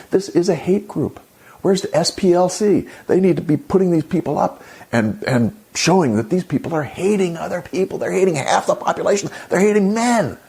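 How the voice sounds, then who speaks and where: A man's voice: mid-range voice, animated, moderate pace, vocal fry, a little mellow. A man hosting an opinion commentary, indignant and sarcastic, often exclaiming. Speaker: channel host.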